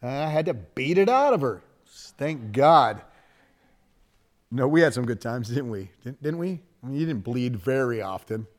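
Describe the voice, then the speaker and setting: A man's voice: medium pitch, sing-song, moderate pace. A middle-aged man preaching a sermon in a folksy, conversational way, with asides and laughter shared with his congregation. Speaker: pastor.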